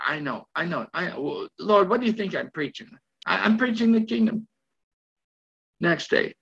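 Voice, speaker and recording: An older man preaches in a high, gravelly voice, taking his time. He tells a story, repeating phrases and putting questions to his listeners. The recording sounds slightly dull and lo-fi. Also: animated, moderate pace, fairly bright tone. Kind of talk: sermon.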